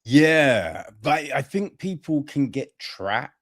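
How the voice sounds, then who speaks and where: A man's voice: mid-range voice, sing-song, slow. A man hosting a podcast interview, talking in a rambling casual way and often asking "right?" for agreement. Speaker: podcast host.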